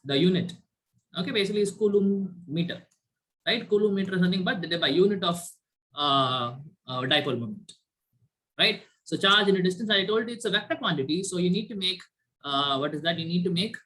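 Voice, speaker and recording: Bright-voiced male chemistry teacher online. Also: fairly high pitch, fairly quick. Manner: quizzes students, frequent "right?" tag questions. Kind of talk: online class lecture. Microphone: video call.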